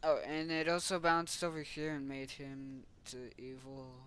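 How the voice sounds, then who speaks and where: A young man slowly retelling a story in a slightly high voice, rambling and correcting himself. Steady noise runs under the home recording. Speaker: channel host.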